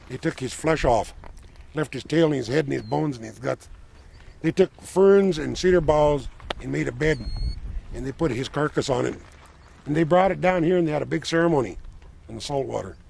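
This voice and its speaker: An older man from the Lummi Nation, a tribal elder telling an oral legend outdoors by the shore in an unhurried, plain-spoken way. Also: on the high side, gravelly, a little mellow. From Lummi Nation, Pacific Northwest.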